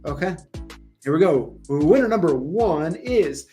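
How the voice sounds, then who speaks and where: A man's voice: a little high, lively intonation, measured pace, dark tone. A man hosting a casual live show, chatting loosely with lots of ums and easy laughs. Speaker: show host. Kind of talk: casual livestream chat. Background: faint music playing.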